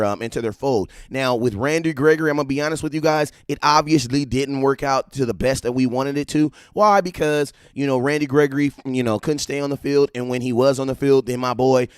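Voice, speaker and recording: Excitable man streaming football talk. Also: mid-range voice, clear, resonant tone, no echo, clean studio sound. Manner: animated, excitable, lots of slang and repeated phrases. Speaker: live-stream sports talk host. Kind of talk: casual live-stream commentary.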